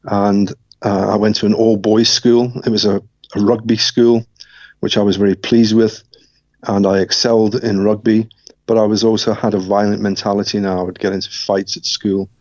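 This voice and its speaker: A middle-aged man telling his life story as an interview guest, reflective, with soft laughs. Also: fairly low pitch, flat delivery, moderate pace, no room sound. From Scotland, raised partly in South Africa and England. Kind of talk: personal testimony in an interview. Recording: dull, lo-fi sound.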